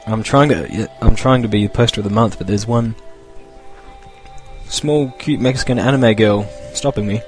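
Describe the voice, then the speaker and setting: A man's voice: on the low side, normal speed, faint music behind. A young Australian man hosting a casual solo podcast, rambling loosely and chuckling as he talks. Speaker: podcast host.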